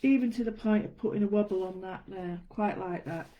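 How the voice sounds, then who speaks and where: A woman giving a casual drawing tutorial, chatting through each step as she works and often trailing off softly. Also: medium pitch, brisk, dull audio. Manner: chatty, narrates her own steps as she draws. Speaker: art tutor.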